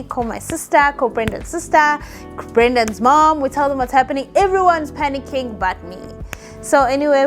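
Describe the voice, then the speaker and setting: A young South African woman telling a personal story in a chatty, animated way and acting out the voices she quotes. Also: sits high. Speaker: vlogger. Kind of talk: casual storytelling.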